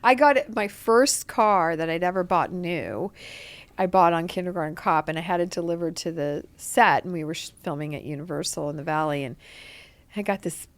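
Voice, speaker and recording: A woman's voice: lowish voice, moderate pace. A woman, an actress guest on a podcast interview, chatting casually and acting out the lines of people in her stories. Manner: animated storyteller, acts out quotes.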